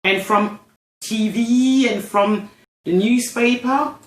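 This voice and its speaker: A woman's voice: a little high, takes it slowly, roomy sound. A woman from France with a French accent, talking in a casual discussion and often searching for her words. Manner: hesitant, searching for words, many restarts.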